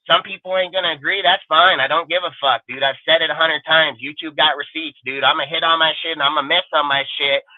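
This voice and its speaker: A man rants defiantly on his own fan livestream, swearing constantly and daring critics to leave. His voice sits on the high side for a man. The sound is dry and squeezed thin, like a phone call. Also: fairly even intonation, fairly quick, hardly any pauses, dry recording. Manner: angry, profane and defiant. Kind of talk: profane ranting livestream talk.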